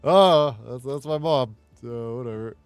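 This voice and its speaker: A man's voice: medium pitch, measured pace, soft background music. A man streaming a game, rambling in casual chatter, swearing and laughing often.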